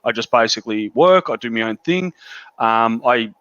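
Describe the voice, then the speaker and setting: A man's voice: mid-range voice, animated, moderate pace, fairly bright tone, no room sound, dull audio. A young Australian man from Melbourne's northern suburbs, chatting bluntly and swearing often over a video call. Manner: blunt and sweary, laughs at his own story. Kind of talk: casual chat.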